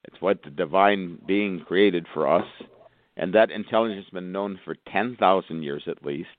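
Doctor guy on a phone line, lowish voice, rambly, lists stuff, dry sound. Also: normal speed. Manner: rambling, lists conditions, bursts of higher pitch. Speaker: guest doctor. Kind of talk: phone-in radio interview. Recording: phone-like narrow band, dry.

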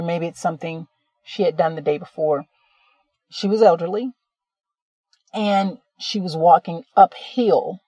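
A woman's voice: lowish voice, darkish tone, dry recording. A woman host telling a personal story in a casual, rambling way, often correcting herself mid-sentence. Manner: rambling, conversational, self-correcting. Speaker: podcast host.

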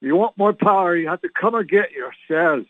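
A man putting on a to play a gruff, harried male starship engineer, pleading and exasperated. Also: high voice, animated, a little fast, no room sound, voice pushed up. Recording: tinny phone-like line, dry.

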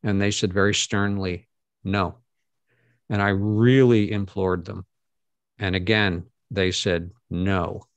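A middle-aged man, a guest speaker, earnestly telling a personal story to an audience, halting often with fillers and restarts. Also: lowish voice, steady tone, dry recording.

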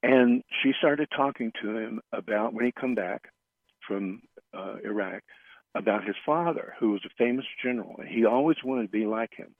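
A man's voice: on the low side, no echo. Earnest man on a tinny phone line. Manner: earnest, halting, circling back on phrases. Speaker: radio show guest, flower remedy practitioner. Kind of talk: storytelling in a radio interview.

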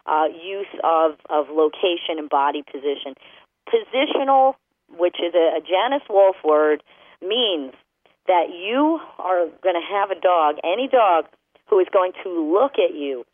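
A woman's voice: medium pitch, dry recording. Emphatic woman talk host over a phone line. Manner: emphatic, acts out what dogs and owners would say. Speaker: radio show host, dog trainer. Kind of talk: animated radio talk.

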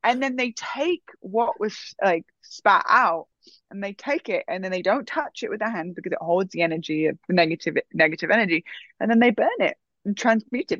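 A woman telling a personal story in a casual, animated way, full of fillers. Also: mid-range voice, no echo. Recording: dull, dry sound.

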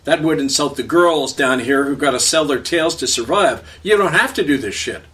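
A man's voice: fairly high pitch, lively intonation, normal speed, bright, forceful tone. A man playing a weathered older Cree man who talks bluntly and sarcastically, recorded from a distance off the mic. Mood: laconic. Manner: blunt, street-wise, sarcastic.

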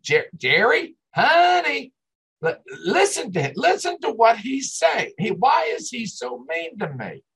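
A man voicing a whining woman friend who complains to her husband, in a shrill falsetto. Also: wildly swooping pitch, unhurried, a bit bright, slightly rough, full character voice. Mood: whiny. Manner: whining, pleading.

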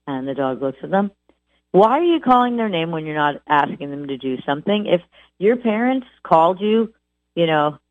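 Woman dog trainer, low voice, dry phone-like sound, animated, mimics owners. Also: brisk, dry recording. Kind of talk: instructional talk. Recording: tinny phone-like audio.

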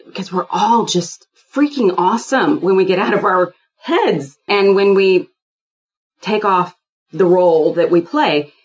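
A woman guest in a casual spiritual chat, rambling and animated, often acting out quoted dialogue. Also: mid-range voice, unhurried, muffled recording.

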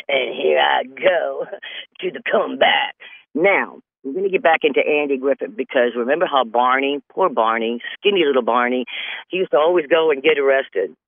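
A man's voice: medium pitch, moderate pace, gravelly, dry recording. A man from North Carolina hosting a show with a rambling comedy monologue, often laughing at his own jokes. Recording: tinny phone-line sound, dry.

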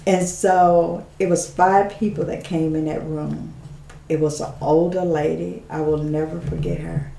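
As a guest on an interview show, a woman shares a heartfelt personal testimony, laughing often and dropping to a hush when she quotes others. Her deep, creaky voice is unhurried. The sound is roomy with slight background noise.

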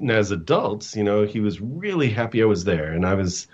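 A middle-aged man with a low voice tells a story from his own life as a guest coach. He talks haltingly, restarts often and acts out quotes. The sound is dull and lo-fi, like audio from a remote call. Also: sing-song, darkish tone, husky. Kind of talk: storytelling in a casual interview.

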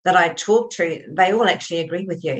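Female host, measured and reflective, lower-pitched voice. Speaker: host, writer. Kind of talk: casual interview chat.

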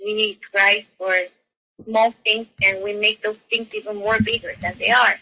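A woman guest on a talk show, telling a personal story in a halting way, with many restarts and fillers. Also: mid-range voice, flat delivery, gravelly, sharp tone, slight background noise, poor audio. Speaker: interview guest. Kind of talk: casual spoken storytelling.

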